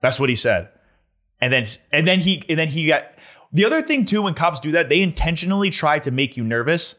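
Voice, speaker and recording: A man's voice: a little high, a little fast. Laughing young man telling a story. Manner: animated, laughs through his story, lots of "like". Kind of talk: casual storytelling chat.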